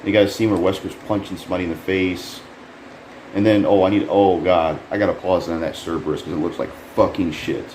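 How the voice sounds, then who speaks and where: Man, very low voice, loose profane trailer rant, echoey room with a faint hum. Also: steady tone, brisk, darkish tone. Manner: frustrated, rambling, swears a lot, bursts up in pitch when incredulous. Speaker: YouTuber reviewing a trailer. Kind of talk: casual profane commentary.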